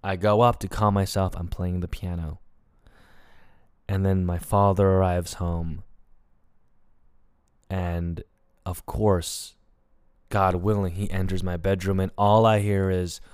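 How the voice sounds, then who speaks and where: A young man hosts a comedy podcast solo, telling a personal, confessional story in an emotional, rambling way full of fillers. His low voice barely moves in pitch and is slow, with frequent pauses; it's a little mellow, clear and resonant, recorded in a clean studio with no echo.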